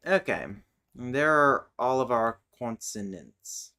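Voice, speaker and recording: A man's voice: mid-range voice, lively intonation, takes it slowly, bright, forceful tone, clean tone. A man thinking aloud in fragments while chatting casually as a streamer. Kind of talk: casual chat while working on a language.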